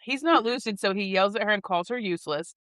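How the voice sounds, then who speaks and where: Deadpan woman recapping a plot. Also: mid-range voice, quick pace, dry recording, studio quality. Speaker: podcast host summarizing a book. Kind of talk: casual chat.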